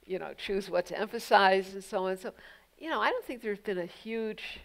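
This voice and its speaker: A woman's voice: mid-range voice, moderate pace, creaky, rough recording. A woman guest at a public onstage conversation, answering audience questions in a thoughtful, pointed way with frequent "you know" fillers. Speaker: guest speaker, legal journalist.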